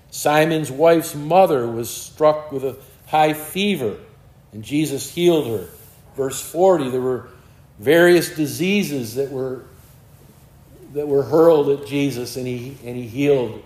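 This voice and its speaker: A man's voice: fairly high pitch, darkish tone. Earnest male preacher in an echoey room. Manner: earnest, repeats words while searching for them. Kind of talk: sermon.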